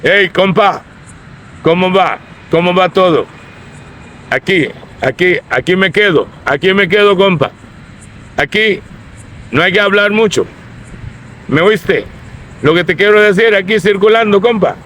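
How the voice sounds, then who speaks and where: A man's voice: high voice, a little hiss or hum. A man putting on a brash street tough. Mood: swaggering. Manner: shouting slang, quick challenges. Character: rough loud-mouthed male street tough, picking fights.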